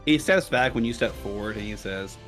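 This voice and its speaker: A man's voice: on the low side, a little fast, fairly bright tone, soft background music. A man narrating a tabletop game as game master, casual, with lots of fillers.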